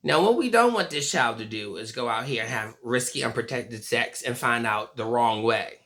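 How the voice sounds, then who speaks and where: Vlogger in their forties, casual monologue, foul-mouthed and blunt; raspy, creaky edge. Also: mid-range voice, normal speed. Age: 40s. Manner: blunt, profane, animated storytelling.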